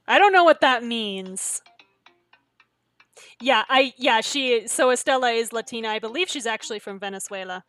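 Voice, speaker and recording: A woman's voice: on the high side, lively intonation, moderate pace, fairly bright tone, dry recording, soft background music. A young woman streaming a story game, reading it aloud and chatting in a self-deprecating way. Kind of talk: reading a visual novel aloud while streaming.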